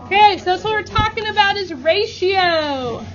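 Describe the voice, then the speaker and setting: High-voiced woman teaching a math class. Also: expressive, normal speed, muffled recording, over music. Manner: upbeat, leads call-and-response chants. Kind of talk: classroom instruction.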